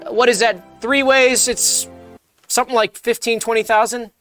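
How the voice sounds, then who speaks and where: A man co-hosting a live-stream podcast in casual chat, rambling with halting restarts. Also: very high-pitched, fairly even intonation, soft background music. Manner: mock-scared shouting while reading chat. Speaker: podcast co-host.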